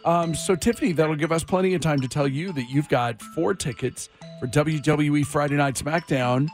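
A man's voice: on the high side, moderate pace, faint music behind. A man hosting a morning radio show, running a jokey quiz with his co-hosts. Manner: jokey, animated quiz-style delivery.

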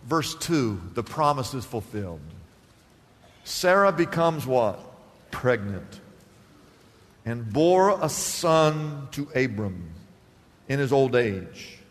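A man preaching a sermon as pastor, animated, acting out the scripture scenes he retells. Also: on the high side. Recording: long hall reverb.

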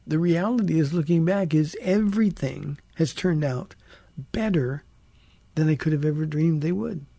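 A man who is a pastor and radio call-in host, teaching the Bible in an earnest, preacherly way, leaning on slow, emphatic words, from a close studio mic. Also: fairly high pitch, creaky, warm tone, no room sound. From United States.

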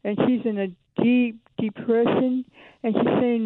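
A woman's voice: fairly high pitch, normal speed, no room sound. An older woman calling in to a radio show, pleading for prayer in a stumbling, repetitive way. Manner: pleading, repetitive, stumbling, calls host hon. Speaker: caller. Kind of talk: phone call to radio show. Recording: phone line.

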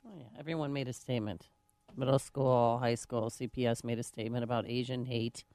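A man co-hosting a talk radio show, chiming in with quick sarcastic asides. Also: medium pitch, steady tone, darkish tone, no echo. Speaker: radio co-host. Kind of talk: casual talk radio banter.

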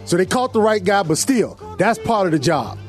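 Laid-back radio co-host with an African accent. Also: male voice, sits high, very animated, soft background music. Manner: laid-back, slow and drawling. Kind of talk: talk radio banter. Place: radio studio.

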